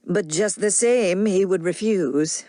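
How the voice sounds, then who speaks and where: A woman voicing a smooth, crafty grown man who coaxes and persuades without hurrying. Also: medium pitch, slow pace, dark tone, no room sound, natural voice. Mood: persuasive.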